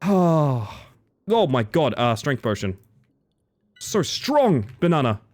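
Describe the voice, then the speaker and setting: A male streamer talks his way through a game for his viewers in a playful, giggly manner. His mid-pitched voice swings widely up and down as he jokes and reacts. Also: big pitch swings, a little slow, a little mellow. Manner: playful, giggly, jumps into squeaky silly voices. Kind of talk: live-streamed gameplay chat.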